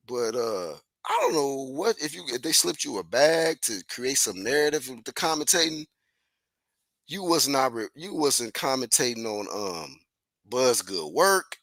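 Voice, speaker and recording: A young man giving casual, profane, animated commentary, constantly dropping "man". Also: medium pitch, measured pace, vocal fry, dry recording. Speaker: commentary host.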